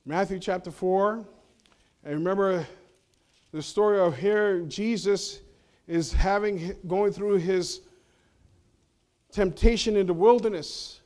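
A male pastor preaching a sermon in a church, asking the congregation rhetorical questions and swinging between loud emphasis and hushed low passages. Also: slow pace, pauses often. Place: church sanctuary.

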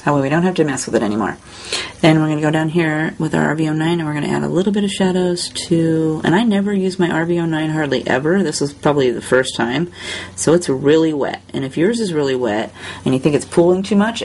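A woman hosting a step-by-step coloring tutorial, talking in a relaxed, chatty way while she works. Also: sits low, slight background noise. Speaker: crafting tutorial host.

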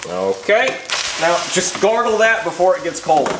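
A man's voice: high-pitched, huge pitch swings, normal speed, background noise. A man voicing a clumsy, insecure doctor who stammers and flips into self-berating screaming. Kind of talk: puppet comedy voice acting.

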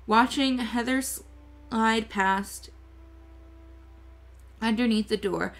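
Slow, bright-voiced woman reading aloud. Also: a little high. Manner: slow, careful reading with small slips and self-corrections. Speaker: VTuber book reader.

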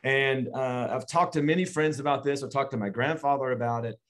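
A man, a guest in an interview, telling a family story earnestly and slowly with frequent pauses. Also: mid-range voice, fairly bright tone.

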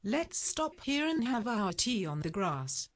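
A woman's voice: fairly high pitch, big pitch swings, a little slow. A woman voicing a friendly, cheerful rabbit in a children's storybook, suggesting plans to friends.

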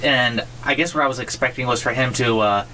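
Bright-voiced man, relaxed podcast chat. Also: medium pitch, brisk, slight background noise, low-quality recording. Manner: laid-back, chuckling, loose phrasing. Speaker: podcast co-host. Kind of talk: casual book club chat.

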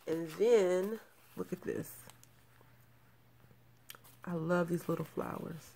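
A woman's voice: on the low side, fairly even intonation, slow, vocal fry, pauses often, mellow, slight background noise. A woman in her thirties showing off crafting mail in a casual show-and-tell, gushing and repeating her praise. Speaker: crafting channel host.

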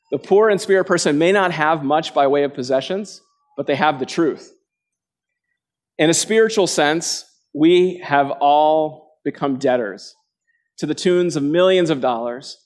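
A man preaching a sermon to a live congregation, earnest and direct, often asking the listeners questions and acting out quotations with big jumps in pitch. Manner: dramatic quotes with sharp jumps in pitch. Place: church gathering before a live congregation.

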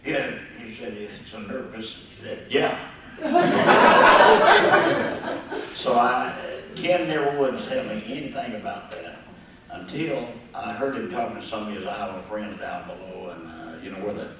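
Recorded far off the mic in an echoey room with faint background noise, an older man speaks at normal speed in a fairly low voice. As a guest storyteller at a gathering, he tells a folksy, rambling story to a live audience, chuckling and performing the voices of the people in it.

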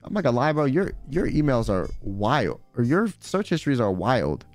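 A man's voice: on the high side, very animated, normal speed, hardly any pauses, dry recording, faint music behind. A man streaming in a casual chat, rambling and swearing freely, full of filler words. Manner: rambling, profane, full of "like" and "you know".

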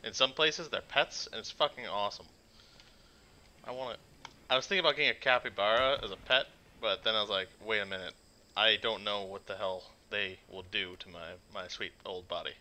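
A man casually commenting on his own gameplay, muttering quietly to himself and sometimes bursting out loud. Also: on the low side, brisk. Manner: muttering to himself, then loud excited outbursts. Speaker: gaming channel host. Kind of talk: casual let's-play commentary.

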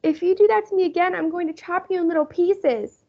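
Woman doing an excitable five-year-old boy. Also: very high voice, normal speed, creaky, pitched above the performer's own voice, heavily acted. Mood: yelling. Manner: blunt, eager, loud. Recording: muffled lo-fi recording.

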